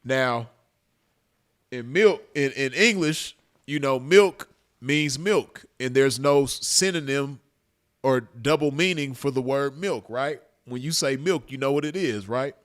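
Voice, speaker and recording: A man spinning a story for his viewers in a relaxed, unhurried drawl. He talks slangy and swears freely, and he keeps cracking himself up. His voice sits at an ordinary middle pitch. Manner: laid-back, slangy, cursing, breaks into laughter. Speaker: vlogger telling a story. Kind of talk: casual storytelling to camera.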